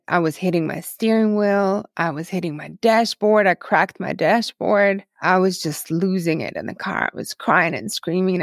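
A woman's voice: mid-range voice, gravelly, dry recording, clean studio sound. A woman from Ukraine, a guest in an interview, telling her faith story in an earnest, emotional way with many repetitions. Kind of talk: personal testimony in a podcast interview.

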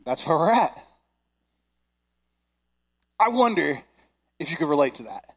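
Animated male pastor preaching casually. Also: fairly high pitch, a little slow, breathy edge. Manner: animated, conversational, acts out voices. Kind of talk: sermon.

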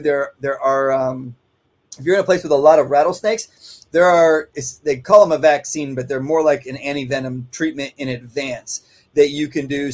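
A man who trains dogs, talking casually and rambling, often tagging his sentences with "right?". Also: a little high. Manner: rambling, conversational, frequent "right?" asides. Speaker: dog trainer. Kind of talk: casual instructional talk. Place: kennel office.

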